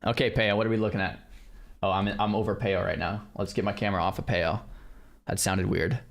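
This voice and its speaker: A man's voice: deep voice, fairly even intonation, fairly quick, gravelly. A man hosting a stream, chatting to viewers in casual reaction commentary, often repeating himself. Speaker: streamer host.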